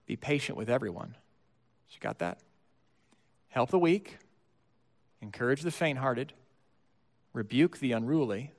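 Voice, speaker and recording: A man preaching a sermon, moving between hushed asides and emphatic repeated lines. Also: mid-range voice, vocal fry. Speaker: pastor. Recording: long hall reverb.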